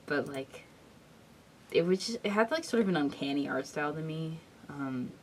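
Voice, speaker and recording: A woman's voice: low voice, expressive, normal speed, recorded from a distance, slight background noise. A woman co-hosting a casual podcast, rambling through her thoughts with lots of filler words and frequent giggles. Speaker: podcast co-host. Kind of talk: casual chat.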